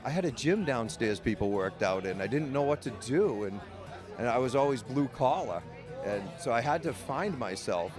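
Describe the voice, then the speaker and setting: A man candidly telling his own story in an interview, blunt and profane, rambling with restarts. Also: medium pitch. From United States. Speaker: medical cannabis caregiver and patient.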